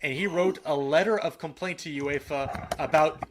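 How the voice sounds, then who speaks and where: Animated, opinionated male podcast host. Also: fairly high pitch, moderate pace, background noise. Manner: animated and opinionated, with frequent restarts and fillers. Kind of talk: casual sports chat.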